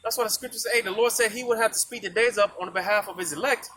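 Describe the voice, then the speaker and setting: A man's voice: sits high, very fast, fairly bright tone. A man preaching outdoors on a street in a casual, repetitive way, often tagging his points with "man" and "you see". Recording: noisy outdoor street recording. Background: traffic noise.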